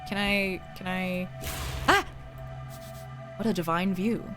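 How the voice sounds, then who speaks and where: A woman's voice: lowish voice, steady tone, takes it slowly, over music. A woman streaming a video game, chatting playfully and swearing casually as she plays. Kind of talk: casual let's-play commentary.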